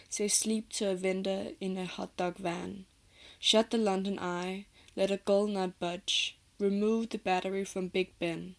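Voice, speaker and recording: Brief: a woman of middling pitch reads a poem aloud steadily, with little melody. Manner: even, steady reading. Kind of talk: poetry reading.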